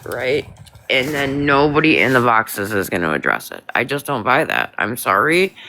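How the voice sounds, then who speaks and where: A man's voice: medium pitch, a little hiss or hum. Man mediating a live stream argument. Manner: calm, mediating, tells speakers to hold on. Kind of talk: moderating a live stream dispute.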